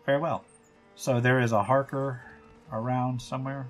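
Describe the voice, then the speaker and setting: A man's voice: medium pitch, steady tone, normal speed, faint music behind. A man hosting a game playthrough, reading the game text aloud with casual asides. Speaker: let's-play host.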